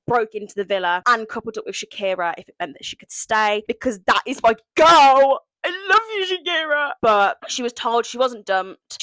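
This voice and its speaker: A woman's voice: medium pitch, a bit bright, no room sound. A young woman recapping a reality show in a casual vlog, dramatic and sarcastic, full of mock outrage. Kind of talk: casual reaction commentary.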